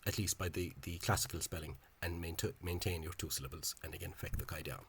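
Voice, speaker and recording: A man explaining spelling in a casual, halting monologue. He is opinionated and often repeats words and fills gaps with hesitations. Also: sits low, slight background noise. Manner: opinionated, dismissive of official spelling. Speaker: language enthusiast explaining spelling.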